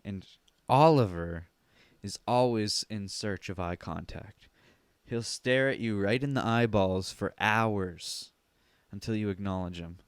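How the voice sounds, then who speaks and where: A man with a lowish, unhurried voice hosts a laid-back solo podcast from his house's basement, cracking jokes and cursing liberally with animated energy. He uses headphones and a studio mic, and the sound is clean, dry, and studio quality.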